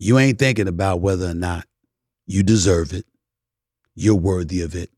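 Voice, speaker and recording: A middle-aged man hosting an animated talk-show monologue, emphatic and preachy, swinging from loud declarations to hushed asides. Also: low voice, moderate pace, slightly rough, dry recording, clean studio sound. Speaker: sports talk host.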